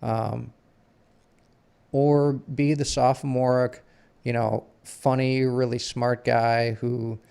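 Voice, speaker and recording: A man with a gravelly, creaky edge to an ordinary-pitched voice, chatting on a podcast. He gives blunt opinions in a deliberate way and often restarts his sentences as he thinks. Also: flat delivery, dark tone. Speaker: podcast co-host. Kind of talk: casual chat.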